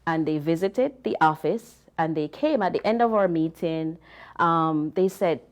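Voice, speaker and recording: Lively Jamaican woman, low voice. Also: unhurried. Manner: chatty, animated anecdotes with many fillers. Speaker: panel guest. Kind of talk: casual storytelling.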